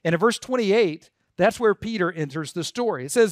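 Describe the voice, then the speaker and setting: A man's voice: high-pitched, lively intonation, a little fast, hardly any pauses, no echo, clean studio sound. A man preaching a sermon as pastor, earnest and leading the congregation to repeat words aloud. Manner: earnest, leads congregation in call-and-response.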